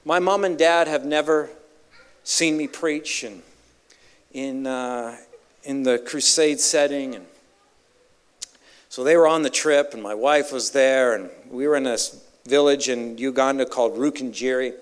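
A man's voice: medium pitch, a little slow, clear, resonant tone. A male evangelist preaching a sermon with emphatic, dramatic storytelling.

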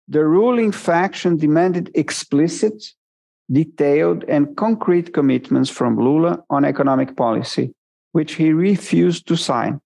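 A man delivers an academic lecture in English, measured and deliberate, pausing to correct himself. His voice sits a touch high for a man, with a gravelly, husky grain throughout. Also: a little mellow. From Brazil. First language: Portuguese. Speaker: guest speaker at an academic seminar.

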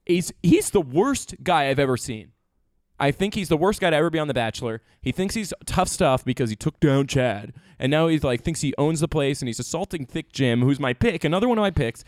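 A man co-hosting a comedy podcast, chatting in an excitable, teasing, rambling way. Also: fairly high pitch, a little fast, dry recording, clean studio sound. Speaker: podcast co-host. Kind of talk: casual comedic chat.

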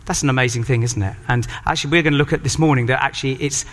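A man preaching a sermon, reading scripture aloud and acting out the characters' voices with animated delivery. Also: mid-range voice, very fast. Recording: long hall reverb.

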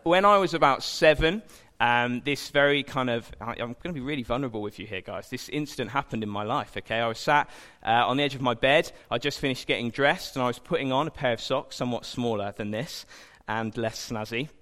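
A man's voice: mid-range voice, a little fast, hardly any pauses, pushed and bright. A young man giving an informal sermon, chatty and self-deprecating, with jokey asides. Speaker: preacher. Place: church hall. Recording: long hall reverb.

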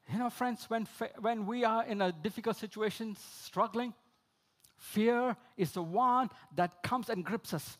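A man preaching a sermon, repeating key phrases, calling listeners friends, and swinging between emphatic outbursts and low, quiet lines. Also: normal speed. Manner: rises to emphatic high exclamations, drops low for quoted lines.

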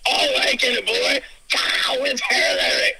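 A man's voice: extremely high pitch, huge pitch swings, moderate pace, creaky, sharp tone, husky, exaggerated voice, poor audio. A man voicing a dim-witted, crude male ranch owner who rambles in confusion. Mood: confused.

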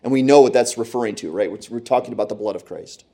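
A man's voice: medium pitch, fast, warm tone. A man preaching a sermon, retelling Bible stories with dramatic, acted-out voices. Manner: dramatic storytelling, acts out Bible characters.

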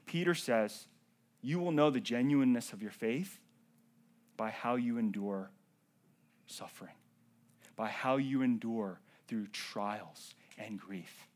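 A male pastor preaching a sermon. He swings between loud emphatic rises and hushed near-whispers, and he often checks in with the congregation by asking "right?" and "okay?". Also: medium pitch, slow, pauses often. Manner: addresses the congregation directly with frequent "right?" and "okay?".

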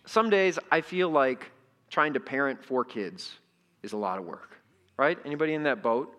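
In an echoey church sanctuary, a middle-aged pastor preaches at a normal speed, his medium-pitched voice expressive and a bit bright. His sermon is conversational, with frequent questions aimed at the congregation.

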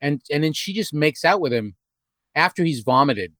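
A man co-hosting a comedy podcast, telling stories in an animated, exaggerated way. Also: a little high, normal speed, no echo. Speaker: podcast co-host.

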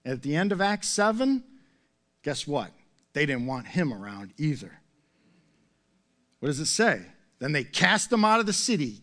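A man's voice: a little high, very animated, measured pace, long pauses, a bit bright. A middle-aged man preaching a sermon as pastor, conversational and full of rhetorical questions and self-mocking humor.

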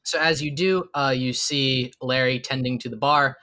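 A man's voice: medium pitch, fairly even intonation, normal speed, sharp tone. A man narrating as game master in a tabletop game, loose and chuckling, with many fillers.

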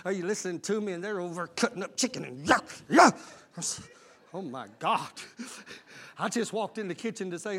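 A male pastor with a very high voice for a man delivers a sermon. He preaches with fervor, calls out questions to the congregation and bursts into shouts. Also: expressive, moderate pace. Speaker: lead pastor.

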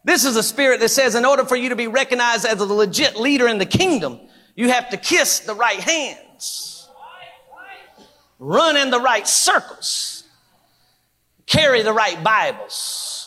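A man preaching a Pentecostal sermon in a church, fervent and rhythmic, building to shouts with repeated phrases. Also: very high voice, lively intonation, measured pace, big-room sound. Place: church sanctuary.

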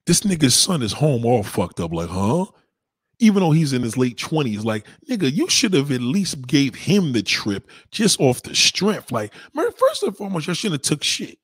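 A man delivering a profane, ranting monologue, emphatic and heated, swinging from loud outbursts to low muttering. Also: huge pitch swings, normal speed, breathy edge, dry recording.

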